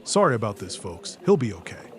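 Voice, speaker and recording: An actor playing a calm local man, soothing and reassuring a frightened stranger. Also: on the low side, fairly quick. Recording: crowd noise behind.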